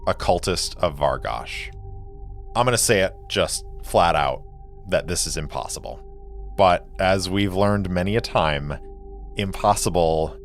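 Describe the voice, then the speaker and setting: A man with a very low voice narrates a solo tabletop game in slow, deliberate storytelling. He lingers over each scene, and faint music plays underneath.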